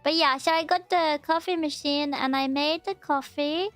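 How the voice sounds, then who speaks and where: High-voiced woman streamer chatting playfully. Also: fairly even intonation, normal speed, a bit bright, dry recording, soft background music. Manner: playful, mock-scolding chat with sudden squeaky outbursts. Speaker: VTuber streamer. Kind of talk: casual stream chat.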